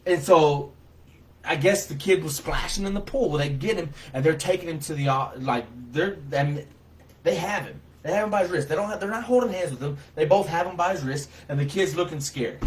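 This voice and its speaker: A man with a somewhat high voice tells a story from his own life in a loose, colloquial way. He is animated and gets loud whenever he replays his own lines. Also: normal speed, slight background noise, low-quality recording. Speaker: vlogger telling a personal story. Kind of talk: casual spoken storytelling.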